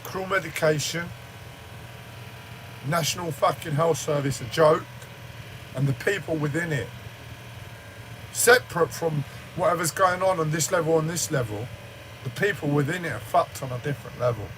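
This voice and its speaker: A man's voice: fairly high pitch, moderate pace, fairly bright tone, slight background noise, low-quality recording. A man in a shaken, agitated livestream rant who swears heavily and sounds like he is in shock. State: shaken, says he speaks like he is in shock. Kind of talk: angry personal rant. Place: standing in front of a camera.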